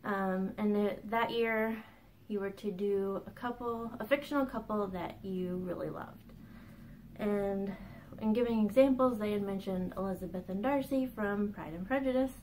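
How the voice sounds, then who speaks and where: A woman in her thirties chats to the camera, relaxed and bubbly, like a craft podcast host catching viewers up, with small laughs and quick asides throughout. Her pitch sits in an ordinary middle range for a woman. The audio is poor, with a little hiss or hum.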